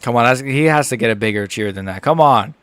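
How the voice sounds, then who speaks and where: Dude streaming a live fight reaction, chatty and hyped, super dry close mic sound. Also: male voice, medium pitch, quick pace, clear, resonant tone, no room sound. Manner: chatty, excitable, lots of "like" and "bro". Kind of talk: casual live reaction commentary.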